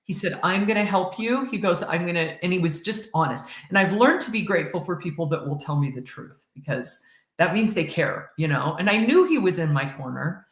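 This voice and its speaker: A middle-aged woman telling her own story in an earnest, halting way, with quick laughs between lines. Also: deep voice, lively intonation. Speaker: podcast guest. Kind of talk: emotional personal storytelling. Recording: roomy echo.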